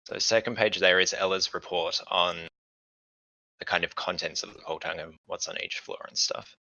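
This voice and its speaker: A man with a low but bright, forceful voice runs a tabletop game as the game master. He explains at an easy pace, with plenty of ums. The close, dry mic sounds a little dull and lo-fi. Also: normal speed, creaky, no room sound. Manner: relaxed, explaining with fillers.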